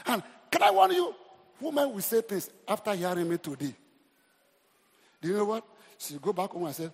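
Nigerian pastor man preaching, raspy gravelly voice, big echoey hall. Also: high-pitched, moderate pace, pauses often. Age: middle-aged. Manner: animated, humorous, exhorting the crowd. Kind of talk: sermon. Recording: reverberant hall.

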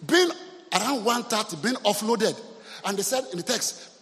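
A man with a Nigerian accent preaching a sermon, telling a story in an animated way and mixing in Yoruba phrases. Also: high voice, moderate pace, long reverb tail. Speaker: pastor. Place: church hall.

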